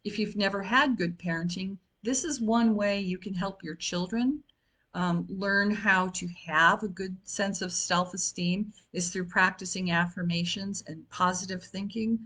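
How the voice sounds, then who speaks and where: A woman's voice: medium pitch, steady tone, unhurried, a bit bright. A woman in her fifties giving an informal wellness talk, chatty, with frequent fillers and restarts. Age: 50s. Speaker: wellness coach. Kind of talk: informal talk on self-help.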